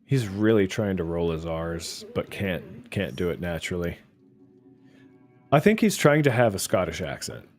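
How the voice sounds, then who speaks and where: A man's voice: deep voice, big pitch swings, moderate pace, soft background music. A man giving casual, chatty commentary while playing a video game, often hesitant and wry. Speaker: gameplay streamer.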